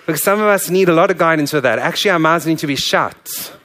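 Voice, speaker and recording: A man's voice: a little high, fast, a bit bright. A male pastor giving a sermon in a candid, conversational, earnest way.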